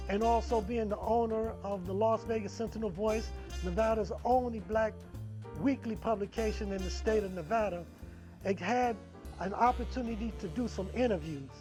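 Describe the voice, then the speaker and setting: A man speaking earnestly and steadily in an interview, in a slightly formal way. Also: high voice. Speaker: media owner interviewee. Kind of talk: interview talk.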